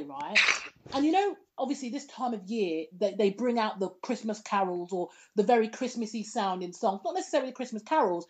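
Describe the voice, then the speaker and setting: A woman chatting casually as a podcast co-host, animated, sassy and outspoken. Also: medium pitch. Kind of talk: casual chat.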